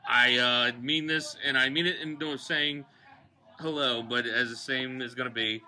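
A man's voice: mid-range voice, steady tone, moderate pace, bright, forceful tone. A man from Delaware co-hosting a podcast from a bar, rambling and joking in casual chat, swearing freely. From Delaware, USA. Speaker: podcast co-host.

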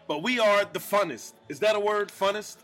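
A man's voice: high voice, moderate pace, a bit bright, faint music behind. A man co-hosting a podcast live in a bar, joking and swearing in casual chat. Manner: joking, swearing, laughs a lot. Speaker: podcast co-host and comedian.

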